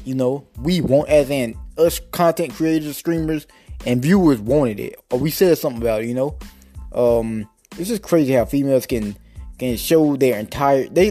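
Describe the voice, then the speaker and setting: A man rants on his podcast in loose, slangy talk, repeating himself for emphasis. His voice is dark and a little husky. Faint music sits under him. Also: on the high side. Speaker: podcast host. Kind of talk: casual rant.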